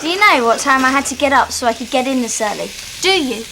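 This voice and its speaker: An actress playing a lazy, preachy young English barmaid with a whiny manner. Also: female voice, high-pitched, lively intonation, fast talker. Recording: sitcom audio with loud crowd and noise.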